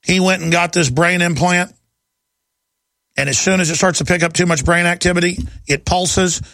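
A man's voice: high voice, fairly even intonation, normal speed, vocal fry, fairly bright tone, dry recording. A middle-aged man hosting a talk radio show, ranting fervently in a rising, impassioned monologue.

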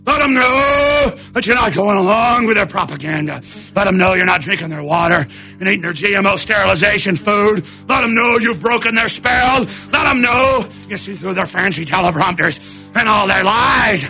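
A worked-up male talk show host yelling a fiery rant in a gravelly, high-pitched voice. His tone is tense and forceful, with bursts of manic laughter. The sound is dry and close. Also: animated, moderate pace.

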